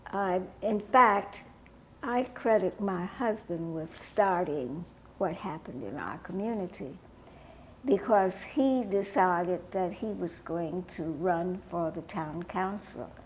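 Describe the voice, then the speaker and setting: Very old woman speaking slowly. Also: on the low side, animated, slight background noise. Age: 90s. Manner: modest and measured. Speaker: guest, educator and activist. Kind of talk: interview answers.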